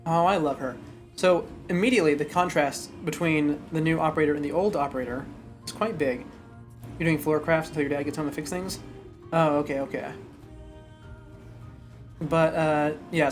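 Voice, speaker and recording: Animated, chatty man on a stream. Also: fairly high pitch. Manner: animated and chatty, stumbles over words. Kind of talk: live stream chat and story reading.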